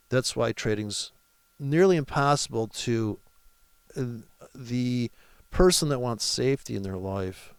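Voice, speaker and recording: A man's voice: mid-range voice, measured pace, clear, resonant tone, no room sound. A man talking through his live forex trades in a rambling, profane and mocking way. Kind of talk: casual live trading commentary.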